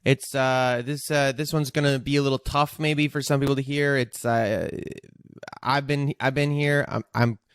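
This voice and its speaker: A male podcast host with a smooth, clear voice, recorded close and dry. He talks candidly and casually, with dark jokes and open feeling. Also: mid-range voice, steady tone, normal speed, dry recording. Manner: candid, emotional, joking.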